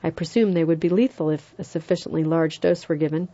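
A calm, precise elderly judge, read by a woman narrator in a low, dark voice. He speaks formally and without haste, each word weighed. The audio is slightly dull and lo-fi. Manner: measured, formal, unhurried.

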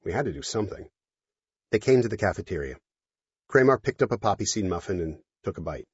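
A man narrates an audiobook with lively, expressive inflection. His voice is low and husky. The recording is dry and somewhat dull. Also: quick pace, no room sound. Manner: expressive, storytelling.

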